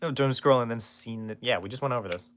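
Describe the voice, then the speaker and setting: A man's voice: mid-range voice, fast, clean tone. A man chatting casually on a live stream, reading and answering chat with rambling, jokey, swearing asides.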